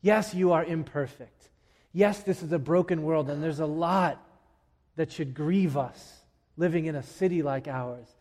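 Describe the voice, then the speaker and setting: A man preaching a lively sermon in a large hall with a long reverb. His voice sits a little higher than most men's. He jokes with the crowd and swings from loud shouts to hushed asides. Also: a little slow. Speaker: pastor.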